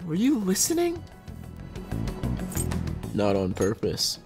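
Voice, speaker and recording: Young man, game reaction host, excitable, laughs a lot, swears, very lively pitch. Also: takes it slowly, music in the background. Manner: excitable, laughs often, swears freely, slangy. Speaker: gaming channel host. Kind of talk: casual game reaction commentary.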